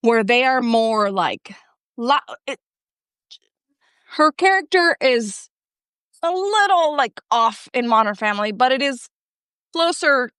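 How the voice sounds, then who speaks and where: Woman, higher register, dry close sound; chatty guest who circles back on herself. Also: expressive, slow pace, long pauses, a bit bright, clear, resonant tone, no room sound. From Colombia. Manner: chatty, many fillers and self-interruptions. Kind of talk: casual conversation.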